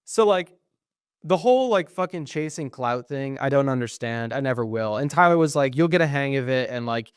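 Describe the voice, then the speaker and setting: Here the young co-host is animated and brisk, his medium pitch clear and resonant on a dry, clean studio recording. He's telling stories in casual podcast chat, quoting others and cursing a lot.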